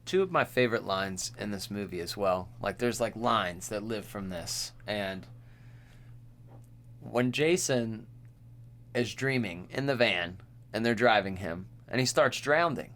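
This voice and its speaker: A man's voice: lowish voice, measured pace, a bit bright, a little hiss or hum. A man co-hosting a podcast in casual chat, laid-back, laughing often and quoting lines. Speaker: podcast co-host.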